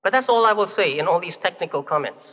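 Male preacher, high-pitched, deliberate and emphatic, recorded in a hall with long echo. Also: expressive, breathy edge. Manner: measured, emphatic teaching with rhetorical questions. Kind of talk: sermon. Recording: phone-like, long hall reverb.

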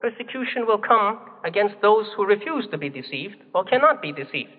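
High-voiced preacher in echoing hall. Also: male voice, very animated. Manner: measured, emphatic teaching with rhetorical questions. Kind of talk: sermon. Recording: phone-like, long hall reverb.

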